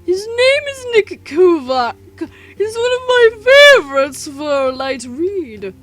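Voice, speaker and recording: A woman voicing a nerdy, eager young male writer in a gushing, high voice over a visual novel. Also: very animated, slow pace, fairly bright tone, exaggerated voice.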